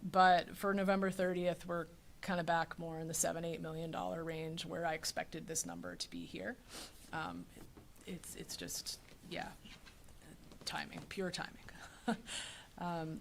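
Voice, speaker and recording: Woman, low gravelly voice, measured and hesitant, finance report at a meeting, faint room noise. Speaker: finance staff presenting financials. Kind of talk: public meeting presentation.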